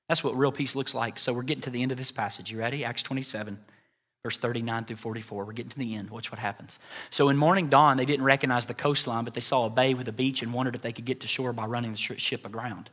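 A male pastor preaching a sermon, animated, acting out voices and building to loud, high passages. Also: fast. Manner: animated, acts out God and churchgoers.

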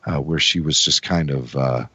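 A man's voice: very deep voice, normal speed, sharp tone, husky, no echo. A man co-hosting a call-in podcast, chatty and joking with many fillers, recorded slightly dull. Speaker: podcast co-host. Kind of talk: casual call-in show chat.

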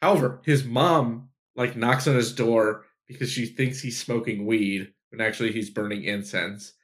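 A man co-hosting a casual talk show, recapping in a relaxed way and chuckling often. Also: medium pitch, normal speed. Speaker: podcast co-host. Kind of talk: casual chat.

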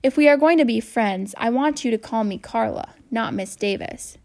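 A gentle, encouraging school counselor, as a woman reading a children's novel plays her. Her voice sits a touch higher than the narration and carries a light gravelly rasp. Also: moderate pace. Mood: kind.

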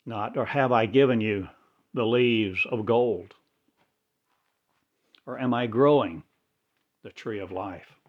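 A man's voice: on the low side, takes it slowly, long pauses, highs cut off. A man delivering a rambling religious monologue in cryptic, incantatory, broken phrases. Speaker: self-styled religious speaker.

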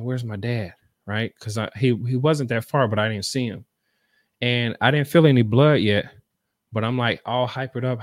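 A man's voice: medium pitch, dry recording, studio quality. Earnest male storyteller, mid-range voice, conversational and repetitive. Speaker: speaker telling a personal story. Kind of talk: motivational personal storytelling.

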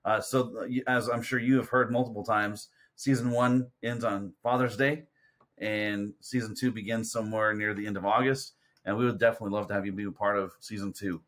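A man's voice: lowish voice, steady tone, a little fast, fairly bright tone. A man hosting a casual podcast, thanking his guest with friendly enthusiasm. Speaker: podcast host. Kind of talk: casual chat.

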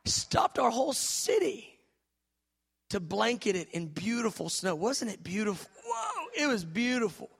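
A man, a pastor preaching a charismatic sermon, swinging from soft musing to shouted preaching. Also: high-pitched, very animated, unhurried, gravelly, husky.

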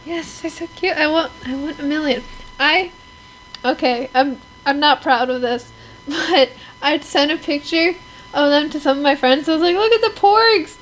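High-voiced, giggly young woman. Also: fairly even intonation, normal speed, fairly bright tone, slight background noise, rough recording. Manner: giggly, gushing fan. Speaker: podcast co-host. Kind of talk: casual chat.

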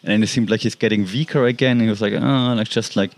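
A man's voice: fairly low pitch, steady tone, fast talker. A man casually telling a personal story about his pet, rambling with lots of "like" and restarts. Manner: rambling, heavy use of "like" and restarts.

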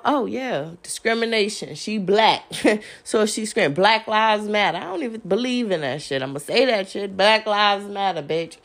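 A woman ranting on a podcast, profane and confrontational, laughing between jabs. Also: mid-range voice. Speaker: podcast host. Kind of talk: heated solo rant.

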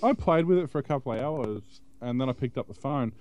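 A man's voice: mid-range voice, expressive, fast, a little mellow. A man co-hosting a tech podcast, chatting casually in a rambling way. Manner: rambling, many fillers and restarts. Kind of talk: casual chat.

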